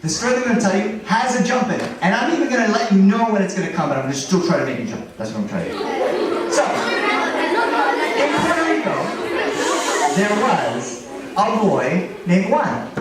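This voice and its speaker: Male camp storyteller, lively and theatrical, roomy far-off sound, audience noise behind. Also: high voice, a little fast, a loud crowd. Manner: animated, drops to a hush for suspense and then shouts. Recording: roomy, echoing from a distance.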